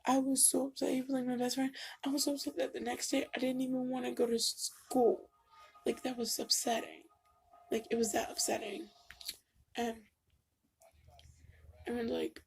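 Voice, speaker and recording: A woman's voice: high voice, flat delivery, moderate pace, gravelly, pauses often, breathy edge. A woman vlogging casually at home into her camera mic, rambling with lots of fillers and getting emotional. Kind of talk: casual confessional vlog. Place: home room.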